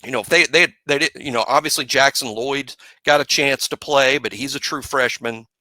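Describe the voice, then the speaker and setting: A man's voice: medium pitch, moderate pace, no echo. A man hosting a sports podcast in casual chat, telling stories and acting out quotes. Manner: storytelling, acts out quotes loudly. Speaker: podcast host.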